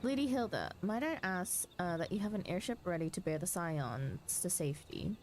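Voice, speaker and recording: A woman's voice: fairly low pitch, animated, a little mellow, a little hiss or hum, natural voice. A woman reading as an urgent young strategist. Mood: resolute. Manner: measured, earnest explaining. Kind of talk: reading game dialogue aloud.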